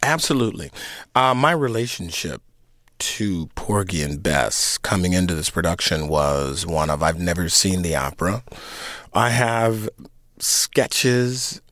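Low-voiced man in his fifties, reflective. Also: animated, a little slow, a bit bright, no echo, studio quality. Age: 50s. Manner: reflective, conversational, many fillers and restarts. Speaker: actor and singer in an opera production. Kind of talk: interview answers.

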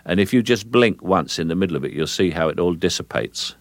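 An older man from London, an actor as an interview guest, speaking in a measured, deliberate way and pausing to restart sentences. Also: animated, no echo. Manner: measured, deliberate, with frequent restarts and low chuckles. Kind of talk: relaxed, anecdotal interview talk.

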